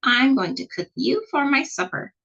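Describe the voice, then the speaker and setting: A woman voicing a horrible old witch who barks orders and shouts in a sharp, high voice, reading from a storybook. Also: sing-song, moderate pace, creaky, husky, highs cut off, exaggerated voice. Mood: menacing. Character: horrible old female witch with iron teeth, cruel and bossy.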